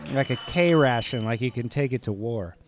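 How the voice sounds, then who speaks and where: A man's voice: medium pitch, normal speed. A man co-hosting a comedic basketball broadcast, trading dry, playful banter with his partner. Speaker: color commentator co-host.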